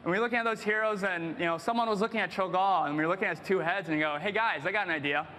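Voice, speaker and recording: A man presenting as a game designer at a convention panel, telling the story in an excited, animated way. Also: high voice, racing, slight background noise. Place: large convention hall stage.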